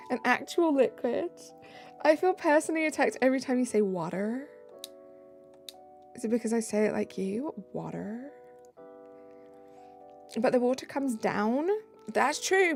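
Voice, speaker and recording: A chatty British woman live-streams, reading out viewer comments in a casual chat. Her voice is gravelly and a little high, with faint music playing in the background.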